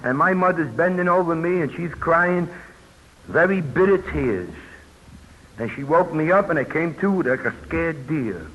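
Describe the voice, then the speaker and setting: A man's voice: on the high side, animated, measured pace, a bit bright. An older man, speaking at a recovery convention and telling his story in a plainspoken way with folksy asides. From New York. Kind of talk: personal testimony talk. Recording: muffled old tape with hiss.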